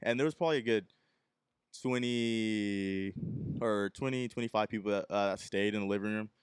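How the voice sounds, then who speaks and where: A young Texan podcast host tells a rambling story solo, casually acting out the people in it. His lowish, smooth voice moves at normal speed, and the sound is dry and clean, studio quality.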